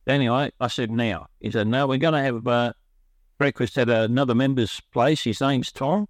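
A middle-aged Australian man shares his own recovery story in a rambling, earnest way, often breaking off to restart sentences. His voice is medium-pitched and steady, at a normal speed, in a dry recording.

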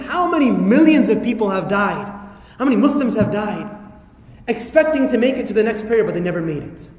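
High-voiced man lecturing in an echoey hall. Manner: animated, acts out quoted voices, rises to shouts at points of emphasis. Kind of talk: Islamic lecture.

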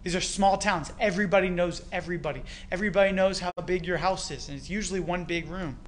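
A Canadian man preaching a sermon, retelling a story with rhetorical questions and lively emphasis. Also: high-pitched, fast talker. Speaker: pastor.

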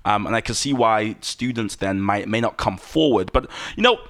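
A man's voice: fairly low pitch, lively intonation, moderate pace, a bit bright. A man from London hosting a casual podcast, joking around and often restarting his sentences. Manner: jokey, hesitant, many restarts. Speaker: podcast host.

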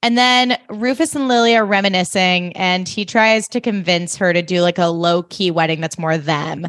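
A woman's voice: fairly low pitch, normal speed, fairly bright tone, no room sound, clean studio sound. A woman co-hosting a podcast, recapping a TV episode in casual chat, giggly and full of "like". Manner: chatty and giggly, heavy on "like". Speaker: podcast co-host.

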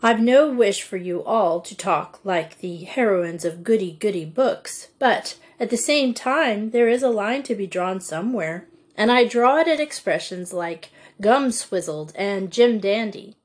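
A woman's voice: medium pitch, expressive, measured pace, hardly any pauses, breathy edge. A woman reading an audiobook, voicing a stern, proper headmistress who speaks firmly and precisely. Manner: firm, disapproving, precise.

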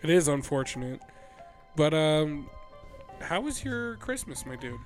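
A man's voice: a little high, very animated, measured pace, faint music behind. A man co-hosting a podcast in casual chat, a bit nasally and under the weather, laid-back and profane. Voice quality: nasally from a cold. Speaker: podcast co-host.

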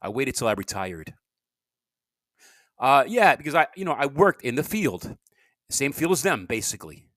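A middle-aged man talks through a loose, confessional podcast monologue. His pitch swings widely as he stammers and doubles back on his words. The recording is dry and close. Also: sing-song, moderate pace, long pauses, fairly bright tone, no echo. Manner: stammering, repeats words, candid and blunt. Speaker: podcast host and comedian.

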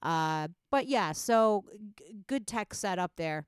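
A woman co-hosting a podcast, telling stories in casual chat and acting out quotes in a higher voice. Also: animated, takes it slowly, smooth, no echo, studio quality. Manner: chatty storyteller, acts out quotes with a jump in pitch. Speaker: podcast co-host.

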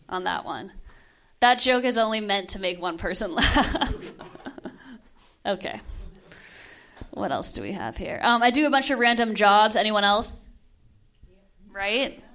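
Woman, twenties, stand-up comedian, deadpan delivery, laughs at her own jokes, bright voice. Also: fairly high pitch. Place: comedy club stage.

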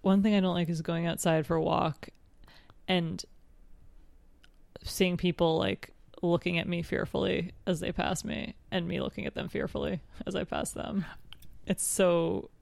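A man's voice: high voice, flat delivery, unhurried, creaky, dry recording. A man co-hosting a podcast in casual chat, thinking aloud with fillers and laughing often. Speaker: podcast co-host.

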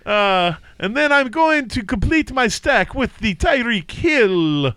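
A hammy, over-the-top Italian caricature with a pitched-up, bright voice, as a man puts him on. It keeps sliding toward a vampire drawl. The sound is close and dry. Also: big pitch swings, extremely slow, clear, resonant tone, dry recording, exaggerated voice. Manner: exaggerated put-on Italian accent drifting toward a vampire voice.

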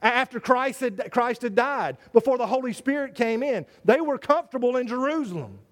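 A man's voice: very high-pitched, expressive, a little fast. A man preaching a sermon to his church, emphatic and repetitive, full of rhetorical questions. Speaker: pastor.

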